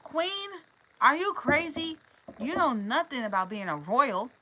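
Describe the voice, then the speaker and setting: A woman's voice: high voice, very animated, a little slow, sharp tone, voice pushed up, full character voice, rough recording. A woman reading aloud as an exasperated king, scolding and incredulous.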